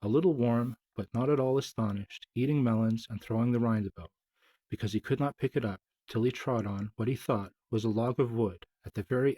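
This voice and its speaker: A man reads a children's story aloud, measured and gently dramatic, and drops softer for the asides. His voice is husky and mellow. The recording is dry and close. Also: on the low side, no room sound, rough recording.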